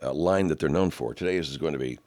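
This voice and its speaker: A middle-aged man hosting a talk show, ranting with heavy profanity in a gravelly manner. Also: quick pace, darkish tone. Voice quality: very low, gravelly, growly rant. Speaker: radio host.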